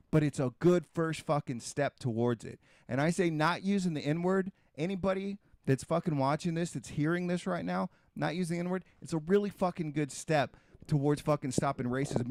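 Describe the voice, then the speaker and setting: A middle-aged man on a casual podcast, swearing constantly as he hammers his point home. His voice sits a bit high for a man, and the sound is dry and close, with no room around it. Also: a little mellow, no echo. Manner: heavily profane, emphatic ranting; repetitive, restarts and rhetorical questions. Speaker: podcast host.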